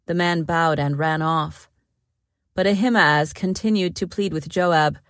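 A woman narrating a Bible story in a calm, scripted reading. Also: fairly low pitch, a little slow, dry recording, studio quality. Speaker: Bible reader.

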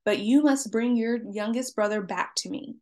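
A woman reading the lines of a stern male governor who accuses strangers, in a slow, deliberate and insistent delivery. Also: fairly high pitch, lightly acted.

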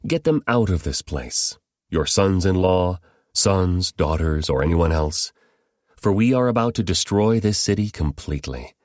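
A man's voice: low-pitched, lively intonation, measured pace, a little mellow, no room sound, clean studio sound. A man reading the urgent, commanding words of angels.

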